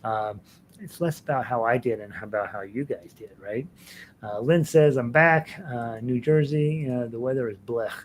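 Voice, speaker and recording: A man's voice: mid-range voice, darkish tone, a little hiss or hum. A middle-aged man hosting an online ukulele class, reading viewer comments in a rambling, chatty way with fillers and restarts. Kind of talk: casual live-stream chat reading viewer comments.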